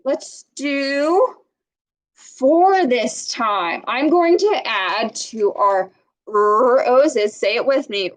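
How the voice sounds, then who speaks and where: A woman reading a storybook to children and leading a speech lesson, modeling sounds slowly and patiently with exaggerated emphasis. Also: fairly high pitch, animated, fairly bright tone, no room sound, rough recording.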